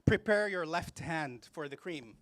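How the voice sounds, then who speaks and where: A man leading a laughter yoga session, his voice bright and forceful. He talks slowly and plainly as he walks a group through playful exercises, breaking into cheers and loud laughter. He sounds like he is running a live event in front of a crowd. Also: a little high, animated, no room sound. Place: festival event space with a live audience.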